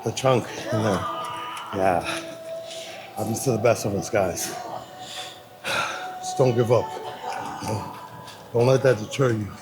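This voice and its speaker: A man's voice: lowish voice, slow, pauses often, poor audio. A man and fitness vlogger, talking casually and rambling through his explanations with fillers. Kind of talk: casual gym vlog talk. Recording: background music.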